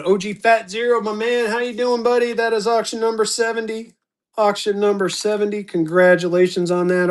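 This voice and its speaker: A man running a live-stream auction, chatty and upbeat, slipping into a quick auctioneer chant, his voice going hoarse. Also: sits high, level tone. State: losing his voice.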